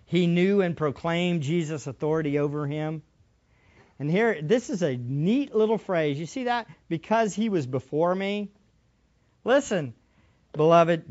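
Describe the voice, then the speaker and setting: A middle-aged pastor preaches with fervent passion, dropping to near-whispered asides before rising again to cries. His voice sits a little high for a man. The recording is dull and lo-fi, like an old church tape. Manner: passionate, swings from quiet asides to shouting. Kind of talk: sermon.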